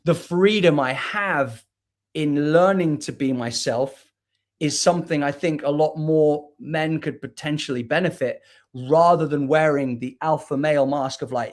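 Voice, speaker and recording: On a livestream video call, a British spoken word artist talks as a guest with a fairly high voice at a moderate pace. The conversation is candid, and he comes across as earnest and reflective, often restarting what he says.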